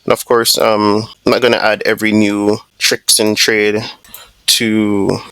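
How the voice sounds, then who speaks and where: Gravelly-voiced man talking through a trade. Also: lowish voice, completely flat delivery, a little slow, a bit bright, no room sound. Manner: casual, thinking aloud with many fillers and restarts. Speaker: trading video host. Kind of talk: live screen-share trade commentary.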